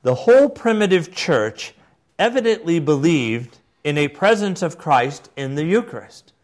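A man reading aloud as an older Victorian bishop in a put-on English accent, in a slow, raised, declaiming voice. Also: fairly high pitch, very animated, pitched above the performer's own voice. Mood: solemn declaiming.

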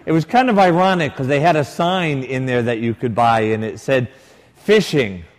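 A man's voice: mid-range voice, normal speed. A man, a priest, preaching a sermon and telling a story with quoted dialogue and varied emphasis. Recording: long reverb of a large hall.

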